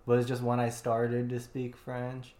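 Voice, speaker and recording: Man, twenties, chatty podcast co-host, mid-pitched voice, laughs often, roomy echo. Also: monotone, unhurried, warm tone, slight background noise. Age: 20s. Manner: chatty, laughs a lot, many "like" fillers. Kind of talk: casual chat.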